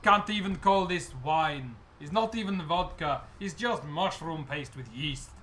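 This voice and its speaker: A man's voice: a little high, a little slow, pushed and bright, slight background noise. A man voicing a groveling male goblin winemaker who pleads in broken grammar.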